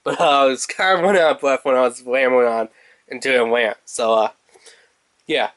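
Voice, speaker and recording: A man in a casual unboxing review, talking in a rambling, animated way as he shows off a toy. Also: medium pitch, normal speed, no echo. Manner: rambling, talkative, animated storytelling.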